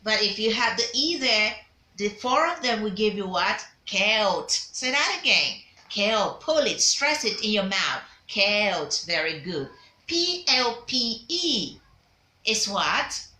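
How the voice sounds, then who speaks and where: A woman's voice: fairly high pitch, very animated, measured pace, bright, forceful tone, echoey room. A woman teaching a pronunciation lesson, drilling vowel sounds and having learners repeat words back to her. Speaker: diction teacher. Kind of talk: pronunciation lesson, call and response.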